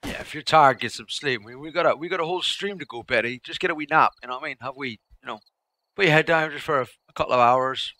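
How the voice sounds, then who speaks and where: A man's voice: fairly high pitch, fast talker, bright, forceful tone. A man streaming a game live, chatting casually with his viewers in a rambling way that repeats itself.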